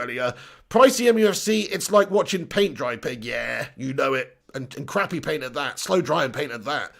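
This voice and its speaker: A man's voice: high-pitched, creaky. A man in his thirties hosting a live football watch-along, reading out chat messages and reacting with swearing and banter. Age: 30s. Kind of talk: live-streamed match reaction.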